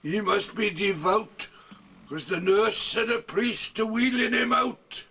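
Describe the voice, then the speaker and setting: A man's voice: sits high, takes it slowly, creaky, pushed and bright, recorded from a distance, a little hiss or hum. An older man reciting his own comic poetry at home, delivering it wryly, with chuckles and asides. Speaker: amateur poet.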